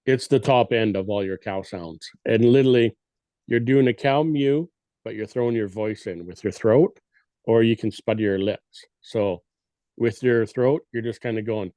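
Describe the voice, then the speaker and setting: A man's voice: on the low side, dark tone, no room sound. A man on a podcast casually explaining elk cow calls and sometimes mimicking them with his voice. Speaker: guest elk calling expert.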